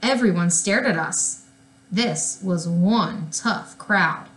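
Slow-reading woman in a roomy space. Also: on the low side. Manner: unhurried, lively storytelling. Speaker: reader. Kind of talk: children's book read-aloud.

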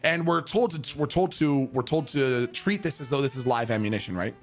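A man's voice: medium pitch, expressive, brisk, soft background music. A man telling a story in a casual, profane, rambling way, full of restarts.

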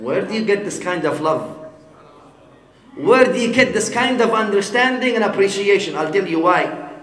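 A man's voice: high voice, animated, normal speed, a bit bright. A man giving a sermon as an Islamic scholar, teaching with everyday examples, mixing Arabic phrases into his English and often asking his listeners "huh?". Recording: echoey hall with long reverb.

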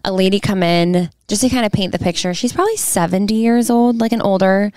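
A woman's voice: mid-range voice, brisk, clean tone, no room sound, studio quality. A woman, a veterinarian hosting a podcast, telling a story in casual chat and acting out the people in it. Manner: animated storyteller, acts out quotes.

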